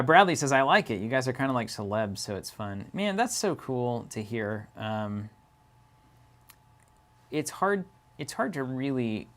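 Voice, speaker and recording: A man's voice: medium pitch, a bit bright. A man co-hosting a card game stream from an office, chatting casually, laughing often and reading viewer comments aloud.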